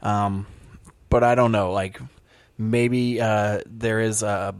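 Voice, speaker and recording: A man's voice: on the low side, level tone, clear, resonant tone, no echo. A man co-hosting a podcast, chatting casually and laughing along with the others. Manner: laid-back, laughs along, quick agreeing replies. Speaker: podcast co-host. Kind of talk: casual chat.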